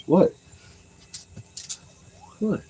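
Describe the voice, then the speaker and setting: A man at home talking casually to his dogs, swearing freely and slipping into high coaxing pet talk. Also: extremely slow, background noise.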